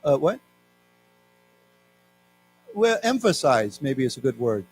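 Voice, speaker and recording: A man with an American accent giving a live English lesson, reading news aloud slowly and explaining words to his class. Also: medium pitch, big pitch swings. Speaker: English teacher. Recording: faint mains hum.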